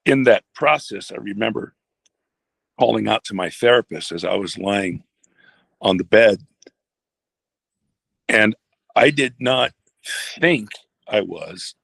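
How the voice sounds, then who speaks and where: An older man, a retired pastor, telling a personal story in a halting, reflective way with many restarts. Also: fairly low pitch, expressive, gravelly, a bit bright, breathy edge, dry recording.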